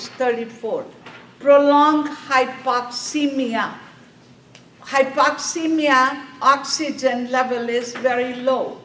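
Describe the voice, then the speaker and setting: A slow-spoken woman, lecturing a nursing review class. She keeps asking her students questions and answering them herself, pressing each point home. She is recorded from across an echoey classroom, with faint room noise behind her. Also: a little high, a bit bright, far from the mic. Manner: quizzing students with repeated questions, slow and emphatic. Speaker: nursing exam instructor.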